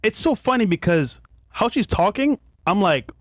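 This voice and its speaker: A man with a high, bouncing voice reacts incredulously as a podcast co-host. The recording is dry. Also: very animated, moderate pace, no echo. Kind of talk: casual podcast chat.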